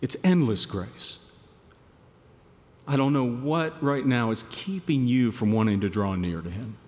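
A male pastor preaching a sermon, swelling to loud emphatic peaks and then dropping low and quiet. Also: a little slow, big-room sound.

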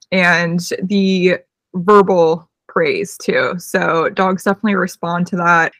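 A woman's voice: on the low side, gravelly, fairly bright tone, dry recording. A young woman, a dog trainer co-hosting a podcast, explaining things in a confident, casual way.

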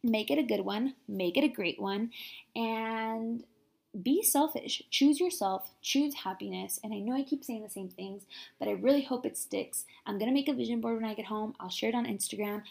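A woman's voice: fairly high pitch, moderate pace, vocal fry, darkish tone. A young woman in her twenties hosting a podcast, chatting in an upbeat, casual way and using "like" a lot. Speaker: podcast host.

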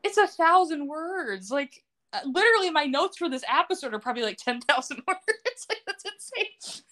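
A woman's voice: high-pitched, big pitch swings, normal speed, sharp tone. A woman hosting a casual recap chat, blunt, profane and sarcastic, often breaking into laughter. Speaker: podcast host recapping a TV series.

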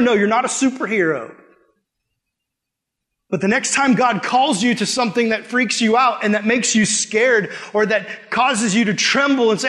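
A youth pastor preaching to students, earnest, with loud emphatic peaks that drop to hushed quiet lines. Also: male voice, sits high, normal speed. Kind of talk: sermon. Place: room with a youth group.

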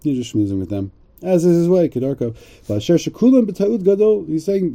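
Man explaining a religious tale, joking around, deep mellow voice, lots of ups and downs. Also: lively intonation, brisk. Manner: casual, jokey asides, mixes in Hebrew phrases. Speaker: teacher of a religious text. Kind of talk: translating and explaining a story aloud.

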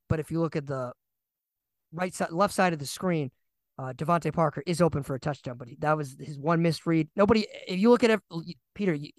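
A young man co-hosting a casual sports podcast, animated and ranting, often repeating himself. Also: a little high, no room sound. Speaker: podcast co-host.

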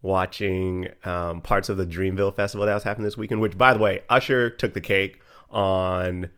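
Man, very deep voice, podcast co-host, casual chat, animated storyteller, swears freely. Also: normal speed, clean tone.

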